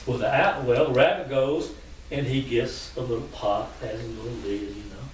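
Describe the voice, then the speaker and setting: A man's voice: mid-range voice, normal speed. Chatty male storyteller in an echoey hall. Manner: chatty, animated, asides to the audience. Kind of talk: live folk storytelling to an audience. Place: meeting hall. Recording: echoey room from far off, faint noise.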